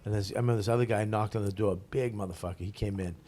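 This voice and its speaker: A comedian in his forties telling a story in casual conversation, profane and animated, laughing as he goes. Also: on the low side, racing. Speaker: guest comedian.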